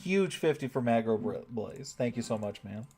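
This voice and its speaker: A man's voice: medium pitch, expressive, moderate pace, a little mellow, a little hiss or hum. A man from the United States streaming a strategy game, chatting casually and thanking viewers in chat by name. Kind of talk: casual livestream commentary.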